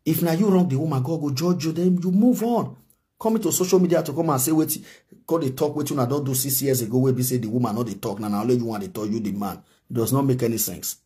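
A Nigerian man talks straight to camera for a gossip vlog, urging and pleading in a preachy way. His voice is mellow and dark, sitting at an ordinary male pitch. He circles back to the same points over and over. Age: adult, married. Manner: preachy, pleading, repeats himself. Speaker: gossip commentator. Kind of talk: pidgin commentary vlog.

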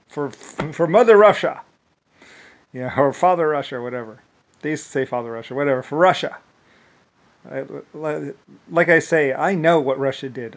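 A man's voice: mid-range voice, poor audio. A man talking in a rambling monologue, restarting phrases often and breaking into laughter.

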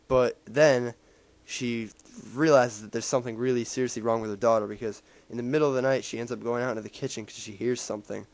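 Male reviewer, casual and rambling, full of fillers and restarts, mid pitch. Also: steady tone, fairly quick, dry recording. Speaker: movie reviewer. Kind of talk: casual spoken movie recap.

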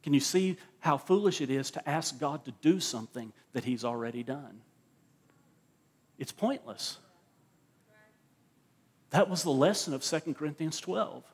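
A man's voice: fairly high pitch, animated, measured pace, pauses often, husky. A male pastor preaching a sermon at a church service, emphatic and repeating words as he drives his points home.

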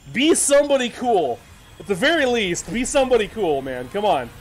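A man doing live reaction commentary, excitable and loud, shouting and swearing with faint trailer music behind him. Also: very high voice, moderate pace. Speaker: video creator reacting to a reveal.

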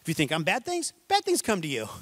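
A man's voice: fairly high pitch, huge pitch swings, fast, a bit bright. A man delivers a sermon. He preaches in an emphatic, folksy way, hammering points home through repetition. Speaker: pastor.

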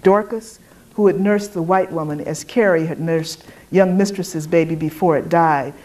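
Woman, literary reading, measured, expressive, slightly low pitch. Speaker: reader.

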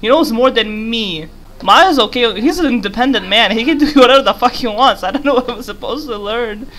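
Young woman, bright voice, gameplay commentary, giggly and rambling, faint hiss behind. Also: fairly high pitch, fairly quick. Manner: giggly, rambling, talks to game character. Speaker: gaming YouTuber.

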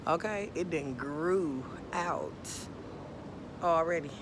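Outdoors by a pool, a woman vlogs casually to her viewers in a low, slow voice over background noise. She's out of breath, chatty, and dramatic, and she pokes fun at herself.

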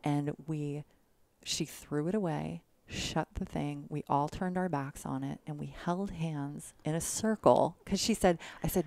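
A woman with a low, gravelly voice recounts a story in relaxed podcast conversation. She slips into the voices of the people she quotes, and her voice sounds close and dry. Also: a little slow, no room sound. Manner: animated, acts out quotes of others. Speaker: podcast guest. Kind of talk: casual storytelling.

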